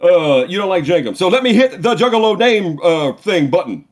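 A man's voice: high voice, sing-song, moderate pace. A man hosting a quiz game on a comedy podcast, crude, giggly and self-mocking. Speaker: host running a quiz game. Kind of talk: loose comedic podcast banter.

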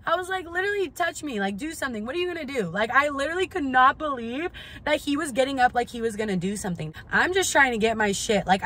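A young woman recounts a storytime tale to her viewers with blunt, profane candor. Her voice sits in a middle pitch, and she keeps circling back with "like" and "literally." She sounds indignant and incredulous throughout. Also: fairly bright tone, slight background noise. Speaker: vlogger. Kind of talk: storytime vlog.

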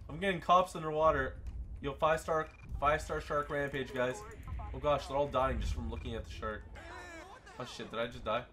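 Excitable young man commentating a game. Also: medium pitch, moderate pace, slight background noise. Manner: excitable, loud bursts of surprise. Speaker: gaming YouTuber.

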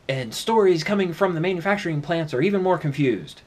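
A man's voice: on the high side, animated, brisk, few pauses. A man vlogging in a rambling, chatty way, holding the camera and talking into its built-in mic. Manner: rambling and chatty, with many "uh" and "I mean" asides. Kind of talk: casual solo vlog. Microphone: handheld camera's built-in mic.

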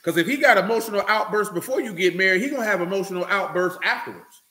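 A man's voice: high-pitched, lively intonation, quick pace, sharp tone, echoey room. A man giving a loose, conversational sermon, talking directly to listeners and often checking they follow him. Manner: talks loosely and directly, often asking "you know what I'm saying". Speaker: preacher.

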